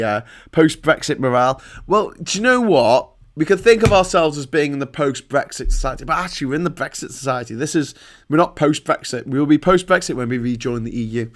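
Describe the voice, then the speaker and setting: A man's voice: medium pitch, a bit bright. Chatty Liverpudlian man on a live stream. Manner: chatty, joking, reads viewer comments aloud. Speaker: livestream host. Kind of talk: casual live stream chat.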